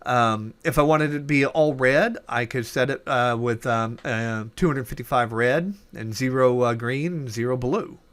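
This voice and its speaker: A man with an ordinary mid-pitched voice walks through his code in a loose, unscripted way. He trails off into quiet mutters, catches his own mistakes, and keeps on explaining while keys clatter under his talk. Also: moderate pace, few pauses. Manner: thinking aloud while typing, many fillers and self-corrections. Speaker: programming instructor. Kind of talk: casual coding tutorial.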